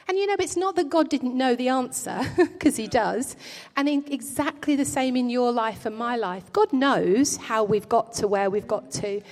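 A woman's voice: fairly high pitch, lively intonation, moderate pace. Earnest woman preaching in a reverberant church. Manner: earnest, gentle and pastoral, with frequent restarts. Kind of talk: sermon. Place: church hall. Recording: long hall reverb.

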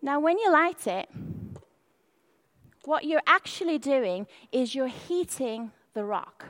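A woman's voice: high-pitched, animated, takes it slowly, a bit bright. A woman preaching a sermon, telling the story with feeling and acting out the quoted voices. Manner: storytelling, acts out quoted speech with rising intensity. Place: perfume lamp demonstration at the start.

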